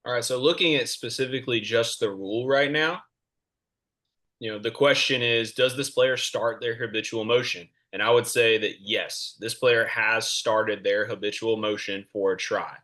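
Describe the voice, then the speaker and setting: A man, a college basketball official, explaining calls to a clinic audience in a clear, measured, confident way. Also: medium pitch, fairly even intonation, bright, forceful tone.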